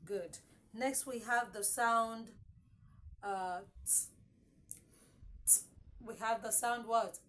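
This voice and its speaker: Slow, repetitive woman teaching pronunciation. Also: fairly high pitch, steady tone, a bit bright. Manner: repeats words slowly, asks "okay?" often. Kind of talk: classroom-style lesson. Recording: faint background noise.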